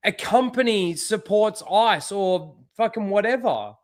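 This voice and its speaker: A man's voice: on the high side, a little slow. A man hosting a casual commentary show, scornful and heavy on swearing, often rising into angry rants. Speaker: commentary channel host.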